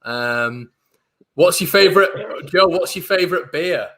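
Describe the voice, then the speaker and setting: A man's voice: on the high side, lively intonation, measured pace, sharp tone, slight background noise. A young man hosting a football fan stream, reading out viewer comments in upbeat, chatty talk with frequent restarts. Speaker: host of a football fan channel.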